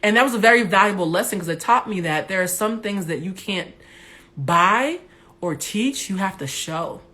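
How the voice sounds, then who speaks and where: A woman with a big, loud voice hosts a candid monologue into her phone. She is blunt and animated and swears freely, with a mid-range voice that stays full and forceful. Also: medium pitch, normal speed. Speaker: Instagram Live host.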